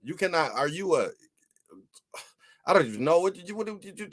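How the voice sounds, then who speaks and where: A man's voice: high voice, sing-song, moderate pace, no echo, clean studio sound. A man commentating over audio, heckling and objecting sarcastically as if in court.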